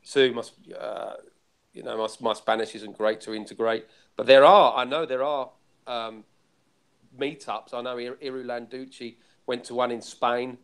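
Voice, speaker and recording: A British man on an online call from his living room, easygoing and chatty, and he admits he talks quickly. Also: mid-range voice, fairly even intonation, clear, resonant tone. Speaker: panel guest. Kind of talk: casual group call chat. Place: living room at home, fan running.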